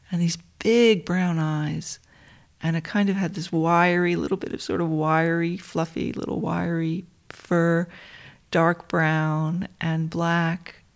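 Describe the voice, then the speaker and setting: A woman telling a personal story to listeners she calls dear friends, in a soft, intimate way that often drops to a whisper. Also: on the low side, creaky.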